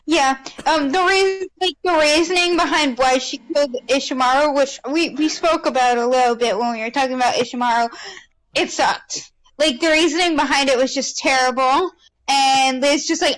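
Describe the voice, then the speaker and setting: Female podcast co-host, high voice, chatty and offhand, recording at home. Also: fairly bright tone, rough recording. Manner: chatty, trails off, quick asides. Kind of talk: casual podcast chat. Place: home with pets.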